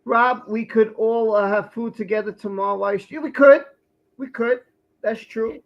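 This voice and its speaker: A male livestream host chats loosely from home while eating, rambling about his food and talking with his mouth full. His high-pitched voice holds a steady tone at a moderate pace, and the audio is dull.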